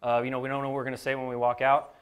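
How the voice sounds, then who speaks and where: Relaxed male improv performer explaining. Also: mid-range voice, rapid-fire, clear, resonant tone, muffled recording. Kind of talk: conversational panel talk.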